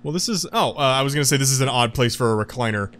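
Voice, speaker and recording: A man's voice: mid-range voice, animated, racing, a bit bright. A man casually commenting over a video game, rambling, apologizing often and joking about himself. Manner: rambling, apologetic, self-deprecating. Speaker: let's play commentator.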